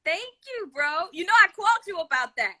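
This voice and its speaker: A woman's voice: very high voice, sing-song, fairly quick, sharp tone. A woman guest in a casual interview over a video call, easygoing and candid, laughing often. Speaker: guest singer.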